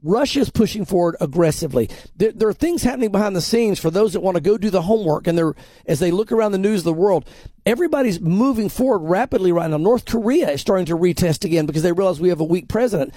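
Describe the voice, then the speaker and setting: A man with a high voice and a mellow, dark tone, talking through his views as a pastor on a podcast. He presses his points emphatically and often repeats words as he builds them. The sound is close and dry. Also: lively intonation, fast, slightly rough, dry recording. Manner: acts out other people's lines in quoted voices. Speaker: pastor and prophecy commentator. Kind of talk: conversational podcast commentary.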